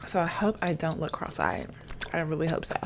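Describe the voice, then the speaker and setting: A woman chatting softly to her viewers late at night, chewing gum and rambling, sometimes dropping into a whisper. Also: low voice, very animated, a little fast, vocal fry, background noise. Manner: drifts into whispers at times. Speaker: ASMR creator. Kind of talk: late-night soft-spoken ASMR chat. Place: home setup, camera placed far away.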